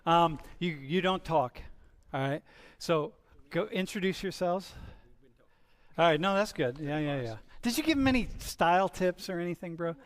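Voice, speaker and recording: Casting: male lecturer from Ohio, slightly high voice, teasing classroom banter, talks to students in a big hall. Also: expressive. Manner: chatty, teasing, quick restarts. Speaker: university lecturer.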